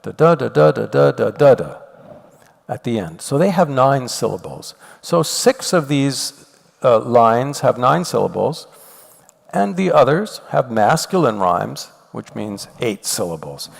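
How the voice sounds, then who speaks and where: Older male lecturer, lively pitch, gravelly edge, long hall reverb. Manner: animated, explains step by step, reads poetry aloud. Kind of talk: university lecture.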